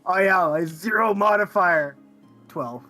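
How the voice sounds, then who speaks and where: A woman chatting casually during a tabletop game. Her voice sits on the low side, and her reactions come quickly. Faint music plays under the talk. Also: pushed and bright, low-quality recording. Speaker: player.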